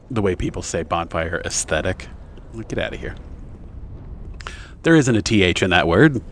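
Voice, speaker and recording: Offering laid-back commentary while streaming a game, this young man has a lowish, fairly bright voice with big pitch swings and a measured pace. He meanders, using plenty of fillers and correcting himself, over slight background noise.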